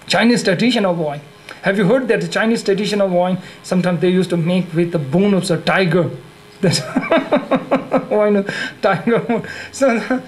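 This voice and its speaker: A man with a Tibetan accent, a Buddhist monk giving a teaching, speaking haltingly, repeating and correcting himself, laughing often. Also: sits high, poor audio. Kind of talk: dharma teaching with humor. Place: teaching hall.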